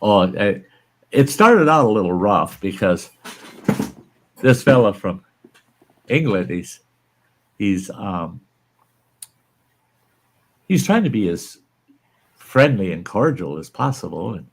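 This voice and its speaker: A man's voice: fairly low pitch, very animated, takes it slowly, pauses often. An older American man, a channel host, telling a folksy story in casual chat and chuckling as he goes. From American West.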